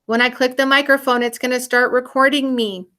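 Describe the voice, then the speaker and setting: A woman's voice: sits high, little pitch movement, a little fast, bright, forceful tone. A woman music teacher giving a recorded online lesson for young children, explaining each step in an upbeat, encouraging way.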